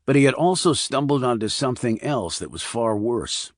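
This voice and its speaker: A man reading the part of a calm, blunt male army investigator, terse and level. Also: medium pitch, normal speed, no echo, clean studio sound, lightly acted. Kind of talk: audiobook character reading.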